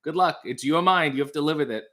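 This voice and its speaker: Man, livestream host, bright tone, casual chat reading, dry sarcastic asides, at home indoors. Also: fairly high pitch, fast.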